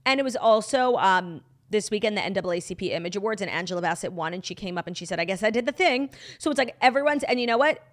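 A woman's voice: mid-range voice, lively intonation, quick pace, hardly any pauses. Sarcastic, opinionated woman podcast co-host. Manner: opinionated, sarcastic, swears casually. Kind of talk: casual pop culture chat.

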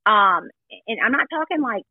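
A woman's voice: a little high, lively intonation, normal speed, no echo. Emphatic woman on a tinny phone line. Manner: emphatic, chatty, stresses points with "let me tell you". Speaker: guest recounting an exposé. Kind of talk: casual gossip chat.

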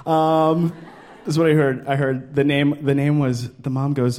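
A man in his thirties performing a stand-up comedy set on a club stage into a handheld mic, animated and jumping into character voices. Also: normal speed, some chatter behind, a little hiss or hum. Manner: animated, jumps into high-pitched character voices.

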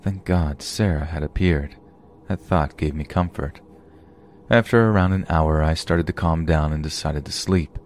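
A man, the host of a podcast, reading a scary true story aloud with steady, measured delivery. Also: extremely low pitch, a little hiss or hum. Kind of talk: horror story narration.

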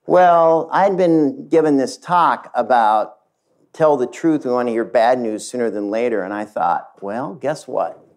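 A middle-aged man, a company chief, tells a story from his career to an audience, lively and speaking straight to the listeners. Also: mid-range voice, measured pace. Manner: animated, addresses the audience directly. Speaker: CEO giving a talk. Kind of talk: storytelling keynote talk.

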